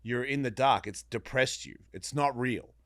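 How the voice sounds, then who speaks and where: A man's voice: medium pitch, normal speed. A man telling a long personal story in casual podcast chat, swearing freely and acting out the voices in it. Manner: animated, swearing, acts out voices in his story. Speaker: podcast guest.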